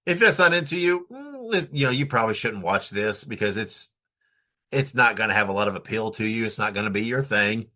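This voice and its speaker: A man co-hosting a podcast, talking casually in halting stretches full of fillers. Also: fairly low pitch, animated, sharp tone. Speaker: podcast co-host.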